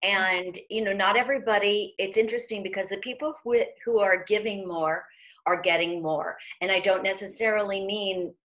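A woman's voice: medium pitch, steady tone, moderate pace, a bit bright. Woman podcast host, affirming. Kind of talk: podcast interview.

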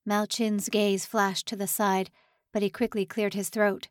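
A woman's voice: mid-range voice, flat delivery, unhurried, no echo, studio quality. A woman narrating a suspense novel audiobook in a dramatic, tension-building read. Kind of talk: scripted narration.

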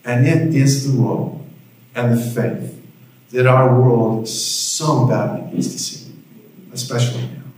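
A man's voice: medium pitch, slow pace, darkish tone. A male pastor preaching a sermon, telling a story with dry humor, recorded in a church hall. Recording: heavy room echo.

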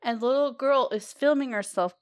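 A woman's voice: high voice, fairly quick. Giggly rambling woman podcast host. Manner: giggly, rambling, swears freely. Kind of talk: casual chat.

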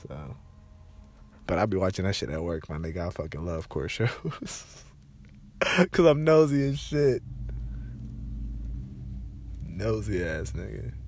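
A man's voice: low-pitched, moderate pace, creaky. A young man with a congested, stuffed-up voice, telling loose, profane stories in a casual rant. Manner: loose, profane, animated storytelling.

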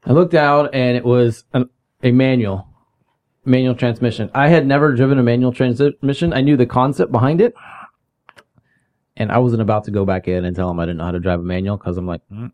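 A man's voice: medium pitch, darkish tone, lo-fi sound. Man telling a casual story. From California. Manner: storytelling, puts on voices when quoting people. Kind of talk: casual chat.

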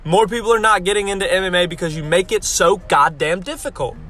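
A young man with a bright, forceful, slightly high voice rants bluntly and swears freely, rambling through fillers. He stops to sound out tricky names letter by letter, with faint music in the background. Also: fast talker. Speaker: fight-sport vlogger. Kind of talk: casual profane rant.

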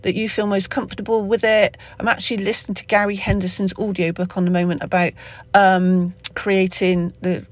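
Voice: medium pitch, flat delivery, brisk, no room sound. Rambling podcaster with a Somerset accent. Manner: rambling, with many fillers and self-corrections. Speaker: podcast host. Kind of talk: unscripted solo podcast monologue.

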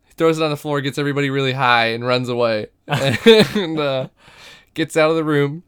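A man's voice: medium pitch, moderate pace, clean tone. A man co-hosting a podcast, retelling TV episodes in casual chat, swearing often and acting out scenes as he goes. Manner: profane, animated retelling with impressions. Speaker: podcast co-host.

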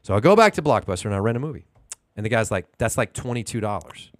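A man in his thirties rants through a story on a casual podcast. His pitch swings widely, and he fires off rhetorical questions. The recording is dry and close. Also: fast talker, dry recording. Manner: animated, indignant storyteller, asks rhetorical questions. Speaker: podcast co-host.

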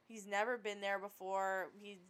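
A woman's voice: medium pitch, normal speed. Chatty woman co-hosting a podcast. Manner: chatty and animated, many likes. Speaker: podcast co-host. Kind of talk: casual film discussion.

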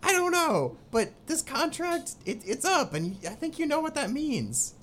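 Woman as male dwarf official, gruff, fussy, sputtering, lively pitch, faint hiss. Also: a little slow, full character voice. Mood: alarmed. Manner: excited, sputtering accusations.

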